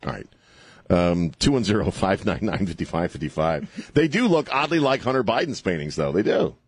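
A man's voice: low voice, big pitch swings, husky, dry recording. A middle-aged man hosting a talk radio show, joking wryly and chatting casually with a guest in the studio. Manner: joking, wry, drops into quick put-on voices. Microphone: studio microphone.

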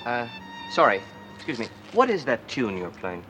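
An actor playing an excitable young male heir, jittery and indignant, in film dialogue. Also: medium pitch, moderate pace, soft background music. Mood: mesmerized.

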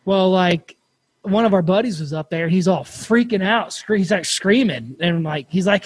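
A man hosting a podcast, telling a campfire story in a casual, animated way and swearing freely. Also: high voice, normal speed, no echo. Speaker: podcast host.

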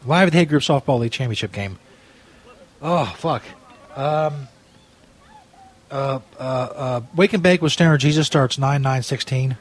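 A man's voice: medium pitch, unhurried, long pauses. A man hosting a comedy podcast, ranting profanely as an exasperated broadcaster stuck in a bad spot. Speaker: comedy podcast host playing a frustrated sports broadcaster. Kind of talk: improvised comedy bit.

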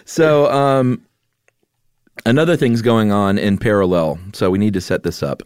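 A man with a fairly low voice, co-hosting a podcast and walking through a story in an easy, casual way. He adds touches of humor as he goes. The sound is dry and close. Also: unhurried, a little mellow, clear, resonant tone, dry recording. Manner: recounts events with light humor. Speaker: podcast co-host.

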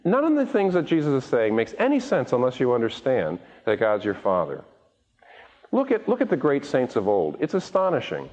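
A man preaching a sermon, animated and restarting words as he speaks, acting out the voices of the people he quotes. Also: mid-range voice, moderate pace. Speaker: pastor. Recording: dull recording with long hall reverb.

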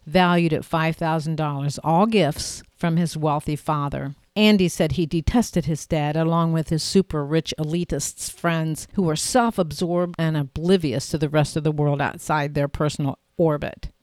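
A woman narrating an audiobook in a steady, clear storytelling manner. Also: low-pitched, moderate pace, few pauses, no room sound, clean studio sound.

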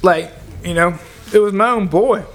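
A man telling a loud, profane work story in casual podcast chat, acting out his coworkers as he goes. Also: sits high, normal speed. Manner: animated storyteller, acts out coworkers, heavy cursing.

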